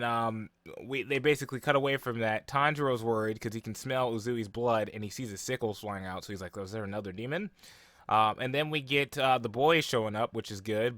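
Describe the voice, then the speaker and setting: Brief: young man, bright dry voice, casual rambling reaction talk full of fillers. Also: mid-range voice, dry recording. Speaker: anime reaction vlogger.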